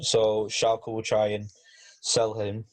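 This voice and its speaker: A man's voice: on the low side, completely flat delivery, takes it slowly. Man, podcast host, casual football chat, hesitant, lots of fillers. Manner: hesitant, many fillers and restarts.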